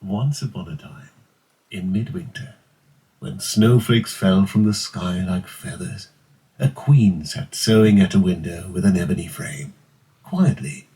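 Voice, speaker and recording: A man with a British accent reads a fairy tale in a measured storybook cadence. His voice sits very low and sounds dark and mellow. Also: low-quality recording. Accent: British English. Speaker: voice actor. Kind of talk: scripted fairy tale narration.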